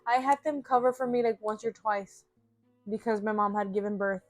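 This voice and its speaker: A woman's voice: medium pitch, steady tone, normal speed, no room sound, faint music behind. Blunt young woman ranting, dry sound. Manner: blunt, profane, frequent fillers. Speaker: vlogger. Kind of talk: casual storytelling rant.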